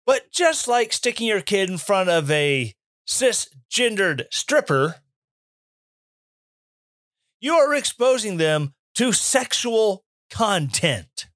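A man giving opinion commentary in an animated, sarcastic rant, mimicking people he mocks. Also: high-pitched, slow, dry recording, studio quality. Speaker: commentary host.

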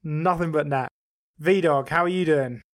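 A man hosting a podcast, chatting casually and teasing his co-hosts with quick jokes. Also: a little high. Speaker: podcast host.

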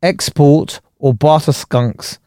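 A man's voice: fairly high pitch, takes it slowly, mellow, no echo, studio quality. A man co-hosting a podcast in casual, rambling, jokey chat with many restarts. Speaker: podcast co-host.

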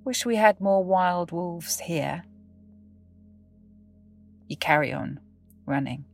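A woman who hosts a podcast, speaking as a poet and theatre maker in measured spoken-word narration that lingers on words and drops softly in volume. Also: on the low side, vocal fry, faint music behind.

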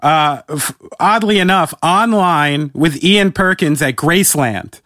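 A man's voice: fairly high pitch, lively intonation, a little slow, fairly bright tone, no room sound, studio quality. A man hosting a casual interview, laid-back and profane, who tells stories as he goes. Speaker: interviewer host.

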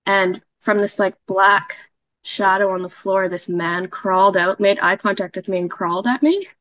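A woman's voice: medium pitch, moderate pace, fairly bright tone, muffled recording. A woman casually telling a personal story as a podcast guest, chatty, with fillers and laughs.

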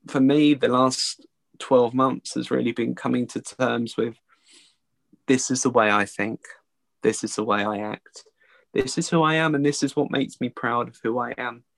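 A man, an early educator, giving an earnest, halting interview answer with frequent restarts. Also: medium pitch, vocal fry, a bit bright, dry recording.

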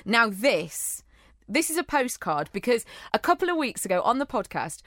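A woman's voice: on the high side, very animated, moderate pace, fairly bright tone, dry recording, studio quality. A woman co-hosting a podcast in casual chat, giggly and enthusiastic. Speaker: podcast co-host.

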